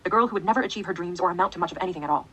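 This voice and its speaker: A woman with a husky voice narrating an audiobook in the first person. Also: fairly low pitch, racing, a bit bright, low-quality recording.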